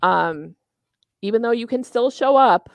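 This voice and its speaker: A woman's voice: fairly high pitch, lively intonation, measured pace, vocal fry, no echo. A middle-aged woman from Minnesota with a Minnesota accent, chatting in an interview as a tournament organizer, talkative and self-deprecating. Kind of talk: casual interview chat.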